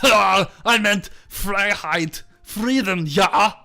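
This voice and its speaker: Fields: Figure: a bubbly young tank girl, played by a man. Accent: put-on German. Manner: giddy, gushing. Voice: bright, gravelly. Behind: faint music. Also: high voice, extremely slow, heavily acted.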